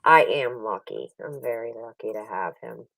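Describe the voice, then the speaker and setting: A woman's voice: rumbling low, normal speed, creaky, fairly bright tone, no room sound, recorded from a distance, poor audio. A middle-aged woman telling stories in casual chat, laughing often as she talks. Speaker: poker stream co-host.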